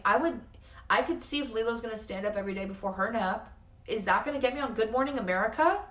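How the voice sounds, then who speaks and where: A woman's voice: on the high side, a bit bright, distant mic. Rambling young woman streamer, echoey and off-mic. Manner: rambling, swears freely, jumps between tangents. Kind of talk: casual live-stream chat. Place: hotel room. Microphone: facecam at a distance.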